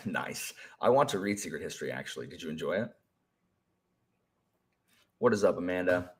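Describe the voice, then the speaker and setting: A young man with a low voice chats loosely with his viewers on a live stream. He rambles between topics with plenty of fillers and restarts, and his pitch swings widely as he gets worked up. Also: moderate pace. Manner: rambling, animated, lots of fillers. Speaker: teacher. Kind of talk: casual stream chat.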